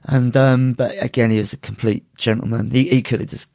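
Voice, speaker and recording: A gravelly man telling a story. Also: medium pitch, steady tone, brisk, a little mellow, no echo, studio quality. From United Kingdom. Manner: rambling, laughs while telling stories, many restarts. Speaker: podcast guest, martial arts instructor. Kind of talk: casual storytelling.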